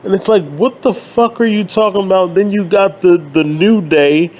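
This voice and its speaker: With slight background noise behind him, this man in his thirties, a YouTuber who comments on wrestling, rants bluntly and sarcastically and curses freely while airing his views. His high-set voice is a little mellow and moves at a moderate pace.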